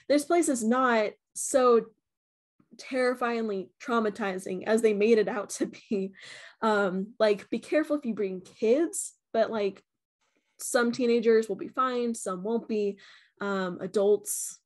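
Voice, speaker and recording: A woman's voice: a little high, a little mellow. A young woman chats through her review in a loose, rambling way, with plenty of "um" and "like" as she goes. Her voice sits slightly above the usual for a woman, and she acts out what others said as she tells it. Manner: chatty, many "um" and "like", acts out quotes with voices. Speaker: vlogger reviewing a haunted house. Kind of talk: casual storytelling review.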